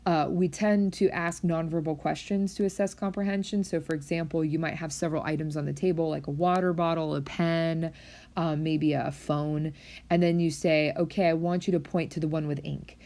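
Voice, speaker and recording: A woman delivers a recorded university lecture in a loose, chatty manner. Her voice sits a little low, and she fills pauses with ums and uhs and restarts her sentences as she explains. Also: fairly even intonation, warm tone. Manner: conversational, with many fillers and restarts. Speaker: psychology lecturer.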